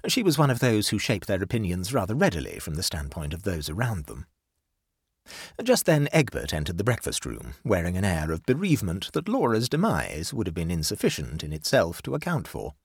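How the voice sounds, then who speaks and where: A man narrating a classic short story aloud in an expressive, measured way. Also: sits low, slightly rough, no room sound, clean studio sound.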